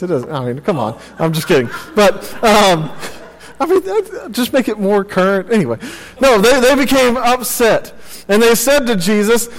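Young male pastor, fairly high voice, earnest conversational sermon, long reverb of a church hall. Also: lively intonation, normal speed. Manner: earnest, conversational preaching with repeated phrases and asides.

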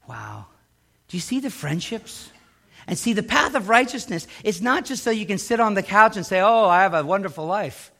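A middle-aged man preaching a sermon as pastor, swinging between loud emphatic lines and hushed low asides. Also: very animated, normal speed, creaky.

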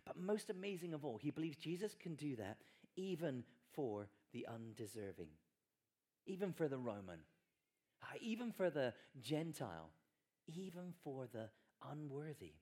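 A man's voice: fairly high pitch, sing-song, normal speed, mellow. Conversational man preaching a sermon. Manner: conversational, emphatic, wry asides.

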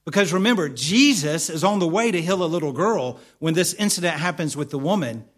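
Earnest preaching man, fairly high voice. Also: expressive, brisk, fairly bright tone. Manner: earnest, repeats key lines for emphasis; asks the congregation questions. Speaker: pastor. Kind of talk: sermon.

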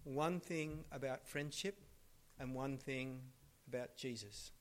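A male preacher delivering a sermon as lively storytelling that swings between hushed and loud. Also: mid-range voice, slow pace. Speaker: pastor.

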